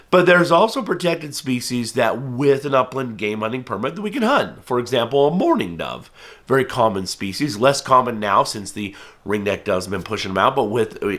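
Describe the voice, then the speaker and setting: A man's voice: medium pitch, a bit bright. A man from the United States, a falconer, explaining hunting rules in an earnest, conversational way and now and then acting out what others might say. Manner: earnest, conversational, acts out quoted voices. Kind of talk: casual explanatory talk to camera.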